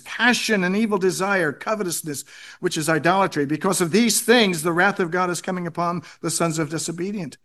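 A man's voice: sits high, a bit bright. A man preaching a sermon, reading scripture aloud and repeating key phrases for emphasis. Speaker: pastor.

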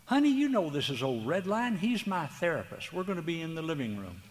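A man voicing a gentle elderly husband, speaking quickly and reassuringly to his wife. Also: on the high side, very animated, big-room sound, pitched above the performer's own voice.

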